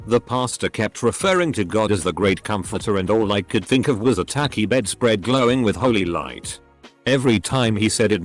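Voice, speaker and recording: Male narrator reading stories, low voice, animated pitch, soft music bed. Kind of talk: scripted story narration.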